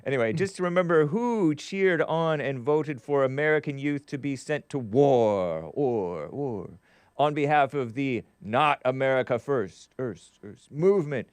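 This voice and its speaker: A man's voice: mid-range voice, lively intonation, measured pace, clean tone, dry recording. A man hosting a live talk stream, reading viewer chats with a wry tone and frequent laughs. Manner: wry, laughs often, trails off and restarts. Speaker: show host.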